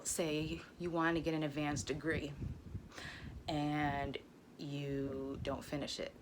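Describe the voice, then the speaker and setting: A woman's voice: low voice, noisy background. A middle-aged woman, a nurse, chatting casually to camera in a blunt, profane, joking way. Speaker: ER nurse vlogger. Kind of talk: casual vlog chat.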